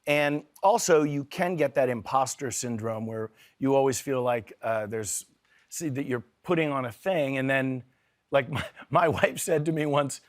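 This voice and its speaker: A man's voice: medium pitch, normal speed, fairly bright tone. A middle-aged man chatting as a talk show guest in a TV studio, playful and self-deprecating, with lots of fillers and restarts. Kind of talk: casual chat. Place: TV studio with audience.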